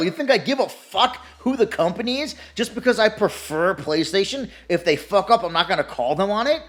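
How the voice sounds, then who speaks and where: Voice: medium pitch, expressive, brisk, hardly any pauses, fairly bright tone, soft background music. A gaming commentator ranting in a sarcastic, profane way, laughing often and mocking others in put-on voices. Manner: mocks opponents with put-on quoted voices.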